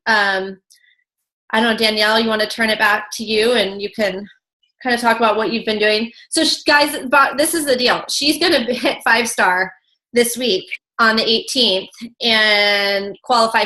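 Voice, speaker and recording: A woman's voice: a little high, pushed and bright. A woman leading a motivational coaching call, talking in an emphatic, chatty way full of "like". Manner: emphatic, chatty, heavy use of "like".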